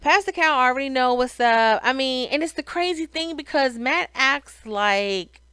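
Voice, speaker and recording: A woman's voice: high-pitched, moderate pace, sharp tone, smooth, no room sound. A middle-aged woman giving a casual, opinionated reality show recap, sighing and restarting her sentences as she talks. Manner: chatty, opinionated, frequent sighs and restarts.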